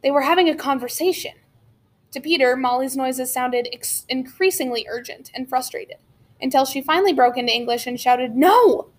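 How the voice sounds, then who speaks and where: A woman narrating a children's adventure novel as an audiobook, with steady storytelling and occasional slips and restarts. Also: high voice, brisk. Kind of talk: reading a children's novel aloud.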